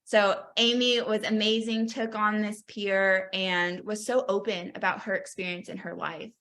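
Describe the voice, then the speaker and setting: Bright-voiced woman hosting a webinar. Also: medium pitch, steady tone, unhurried. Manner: warm, encouraging, uses "you know" often. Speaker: webinar host. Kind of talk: webinar moderation.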